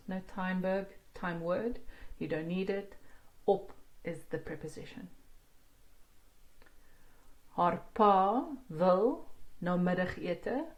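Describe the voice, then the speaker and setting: Slow, low-voiced woman teaching. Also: darkish tone. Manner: slow, explaining each word and translating line by line. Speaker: Afrikaans language teacher. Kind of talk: online language lesson.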